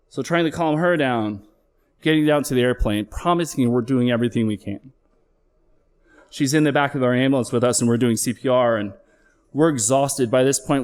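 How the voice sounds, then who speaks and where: A middle-aged man, a flight paramedic, telling a candid personal story on stage with earnest emotional swells. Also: mid-range voice.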